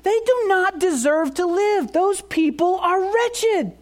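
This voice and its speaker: A preacher voicing Satan as a male accuser, condemning and mocking in a raised, shrill voice. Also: expressive, takes it slowly, heavily acted. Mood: scornful.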